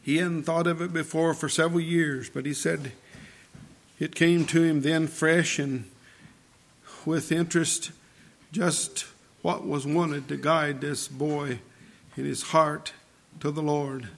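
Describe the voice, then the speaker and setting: Gravelly fervent preacher man. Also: a little high, flat delivery, slow, long pauses. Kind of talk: sermon storytelling.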